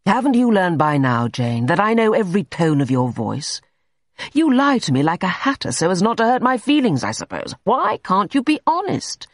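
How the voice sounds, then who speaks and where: A narrator voicing a quick-tempered young male painter who bursts out in sharp, exasperated speech. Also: high-pitched, dry recording, studio quality, voice pushed up, full character voice. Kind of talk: audiobook character reading.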